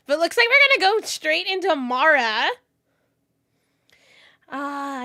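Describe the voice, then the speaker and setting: Bubbly young woman streamer, very lively. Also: fairly high pitch, slow, pauses often. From Philippines. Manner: bubbly, excitable, giggly. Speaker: streamer host. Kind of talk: casual watchalong commentary.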